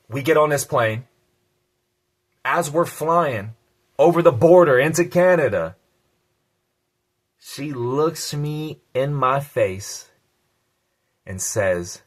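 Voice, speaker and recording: A man telling a personal story on his vlog, blunt and a little profane, repeating key lines for emphasis. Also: on the high side. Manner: blunt and profane, casual slang.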